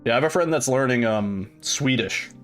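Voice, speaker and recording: A man's voice: mid-range voice, normal speed, a bit bright. Casual male streamer, faint music behind. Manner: rambling, swears at the game. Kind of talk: casual gameplay chat.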